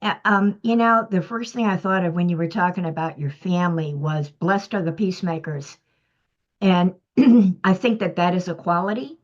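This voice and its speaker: A woman's voice: fairly low pitch, normal speed. Earnest woman sharing in church group. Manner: emphatic, self-critical, frequent throat clearing. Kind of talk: earnest testimony in a church discussion. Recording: muffled lo-fi recording.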